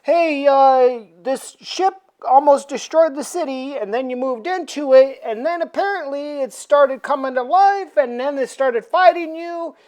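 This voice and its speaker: Pushy reporters, put on by a woman, a bit higher than her usual voice. They string question after question together with "and then.". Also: darkish tone. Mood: badgering. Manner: rapid run-on questioning. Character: pushy group of news reporters.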